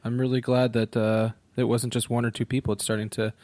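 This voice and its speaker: A man's voice: medium pitch, flat delivery, brisk, darkish tone, no echo. A man from Virginia co-hosting a casual podcast, rambling, self-mocking, swearing casually and laughing often. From Virginia, USA. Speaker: podcast co-host.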